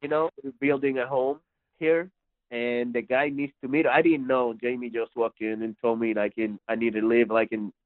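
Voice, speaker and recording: A man's voice: mid-range voice, steady tone, normal speed, no echo. A man as a podcast guest, telling a story casually, rambling and repeating his words. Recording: dry tinny phone-like line.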